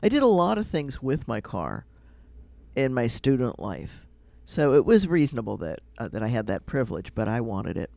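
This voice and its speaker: A man with a Midwestern American accent talks on a radio show, wandering from one memory to the next in an easy, chatty way. His voice is gravelly and his pitch sits mid-range. The sound is dry and close, with no room around it. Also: huge pitch swings, moderate pace, a little mellow, dry recording. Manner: rambling storyteller, chatty. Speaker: rabbi, radio guest. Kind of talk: casual radio chat.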